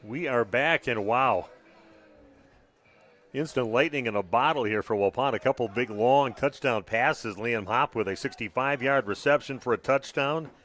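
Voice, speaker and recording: A man's voice: medium pitch, normal speed, a bit bright. Chatty male radio play-by-play voice. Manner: loose and chatty, with frequent "uh" fillers. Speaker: play-by-play announcer. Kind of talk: live radio football commentary.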